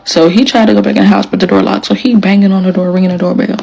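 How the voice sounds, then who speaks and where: A woman tells her story to camera in a casual, emphatic way, slipping into the voices of the people she quotes. Her voice has a gravelly edge and a husky grain. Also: mid-range voice, steady tone, racing, a little mellow, poor audio. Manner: emphatic, acts out quoted lines.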